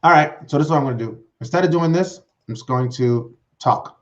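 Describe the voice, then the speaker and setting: A man hosting his own solo talk show, excited and rambling, with lots of fillers and restarts as he talks at his computer. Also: fairly high pitch, a little fast, muffled recording. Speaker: host. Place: home desk setup with green screen.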